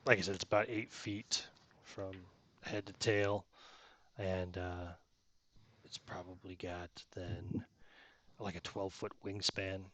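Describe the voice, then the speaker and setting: A man's voice: low-pitched, little pitch movement, slow pace, long pauses, fairly bright tone, slight background noise. A man running a tabletop game as game master, narrating casually and rambling with many fillers.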